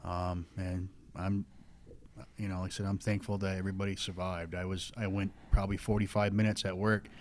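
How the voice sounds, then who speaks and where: Casual male racer, thirties, low voice, rambling and plainspoken. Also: little pitch movement, brisk, darkish tone, a little hiss or hum. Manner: plainspoken, rambling with many fillers. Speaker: local stock car driver. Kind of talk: casual radio talk.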